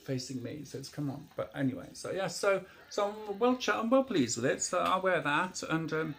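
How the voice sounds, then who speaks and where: Man in his fifties, gravelly, hesitant show-and-tell vlogger. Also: mid-range voice, slight background noise. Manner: rambling, hesitant, many ums and restarts. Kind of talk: casual gadget show-and-tell.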